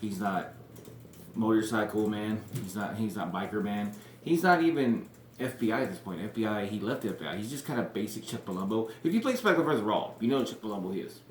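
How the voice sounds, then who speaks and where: Man, low voice, casual rambling monologue, lots of "like" and "you know", blunt, echoey room. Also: animated, brisk, a little hiss or hum. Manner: rambling, full of "like" and "you know", acts out quotes; blunt, swears freely. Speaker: wrestling fantasy-booking vlogger. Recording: roomy echo.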